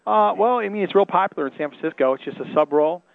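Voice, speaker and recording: A man who runs a restaurant talks quickly in a middle-pitched voice, stopping often for an "uh" or "um" as he walks through the menu. The audio is dry and squeezed into a narrow, phone-like band. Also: creaky, no room sound. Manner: hesitant, many fillers. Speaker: restaurant manager. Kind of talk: radio interview guest. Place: inside a restaurant. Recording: narrow phone-like radio broadcast.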